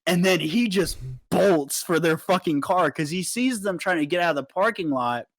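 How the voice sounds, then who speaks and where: Young male podcast co-host, lively storyteller who swears freely; slightly high voice, dry close sound. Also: normal speed, dry recording. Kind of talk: casual storytelling.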